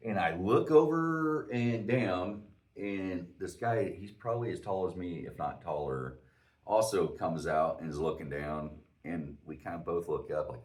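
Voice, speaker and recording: A man's voice: deep voice, lively intonation, moderate pace, far from the mic. A man in his forties, a podcast host, telling a profane, self-mocking story in casual chat.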